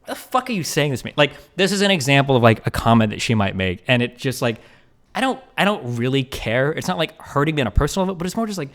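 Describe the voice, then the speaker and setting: Fast-talking, profane male streamer. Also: mid-range voice, big pitch swings. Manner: rapid, profane, many fillers like "like" and "um". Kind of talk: live stream reaction and commentary.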